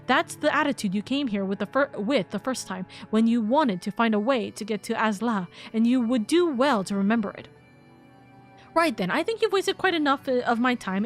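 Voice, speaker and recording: A woman voicing a cranky, sharp-tongued old sorceress, reading game dialogue aloud and stumbling over some words. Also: on the high side, close to an everyday voice.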